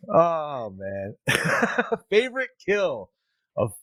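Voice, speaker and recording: Podcast dude, swears a lot, voice jumps all over, laughs a bunch, dry close sound. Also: male voice, medium pitch, moderate pace, no echo. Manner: animated, crude, laughs often. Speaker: podcast co-host. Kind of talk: casual horror movie chat.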